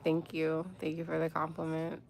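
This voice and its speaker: A woman's voice: low-pitched, completely flat delivery, normal speed, vocal fry, over a noisy crowd. A woman from the United States hosting a casual livestream, chatting and greeting viewers by name, laughing often. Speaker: livestream host. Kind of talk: casual livestream chat reading comments.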